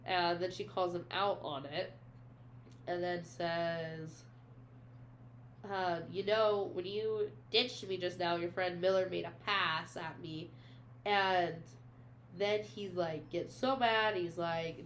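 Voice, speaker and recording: This young podcast co-host has a fairly low, steady voice and talks a little slowly. She casually walks through a book, retelling scenes, reading quoted lines aloud, and filling her speech with "she's like." The recording carries a little hiss or hum.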